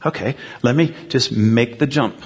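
A pastor with a mid-range, slightly rough voice preaches at normal speed in a big-sounding room. His sermon is conversational, and he keeps checking in with the congregation by asking them questions.

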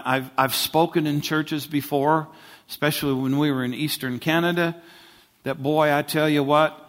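A man preaching a sermon in a conversational way, often asking the congregation questions. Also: fairly high pitch. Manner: conversational, asks the congregation questions, many restarts.

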